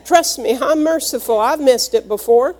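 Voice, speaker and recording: Woman preacher, high voice, earnest teaching sermon delivery. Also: normal speed, a little mellow. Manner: earnest, teaching, explains each word. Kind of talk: sermon with scripture reading.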